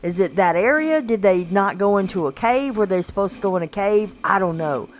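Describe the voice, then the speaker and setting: A woman's voice: medium pitch, animated, brisk, muffled recording. A woman giving casual, chatty gameplay commentary, talking to the creatures on screen and laughing often. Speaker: gaming channel host.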